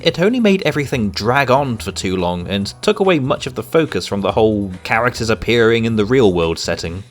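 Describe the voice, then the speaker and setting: A man delivering a scripted, sarcastic and exasperated review of a comic. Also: mid-range voice.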